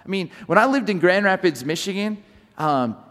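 A man from Southern California preaching a sermon, telling stories in an animated way and often restarting his sentences. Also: high-pitched, moderate pace, big-room sound. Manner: animated storytelling with repeated restarts. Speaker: pastor.

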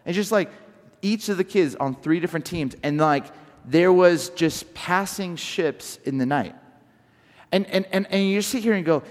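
A man from Southern California preaching a sermon, telling stories in an animated way and often restarting his sentences. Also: sits high, moderate pace, long reverb tail. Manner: animated storytelling with repeated restarts. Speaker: pastor.

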